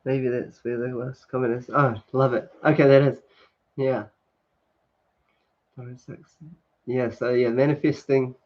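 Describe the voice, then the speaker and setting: With a level, mid-range voice, a man streams from his sunny home, unhurried and pausing often while he reads comments, chats, laughs, and leans on fillers. The audio has a dull, lo-fi stream quality.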